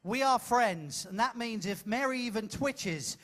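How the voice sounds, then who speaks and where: A man's voice: extremely high pitch, expressive, measured pace, fairly bright tone. A man hosting a comic audience-participation show on a ship's stage, teasing and theatrical, speaking into a handheld mic. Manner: teasing, theatrical, self-mocking. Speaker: cruise ship entertainer.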